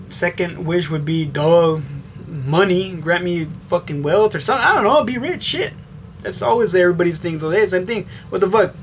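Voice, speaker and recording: A young man with a somewhat high voice talks casually to his camera, blunt and loaded with swearing. He rambles, circling back with fillers as he goes. A faint hiss of room noise sits under the recording. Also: fairly bright tone. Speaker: vlogger answering tag questions. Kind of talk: casual chat.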